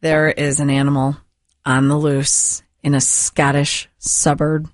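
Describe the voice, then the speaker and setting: A woman's voice: deep voice, flat delivery, measured pace, dry recording, clean studio sound. A woman co-hosting a radio show, giggly in casual banter.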